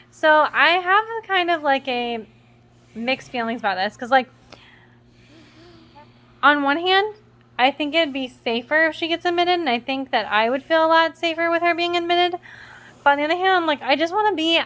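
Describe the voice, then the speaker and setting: Young mom vlogger, high and bright, talks in emotional, rambling bursts on the verge of tears. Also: female voice. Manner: emotional, rambling with many fillers and restarts. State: close to tears. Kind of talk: casual vlog talk.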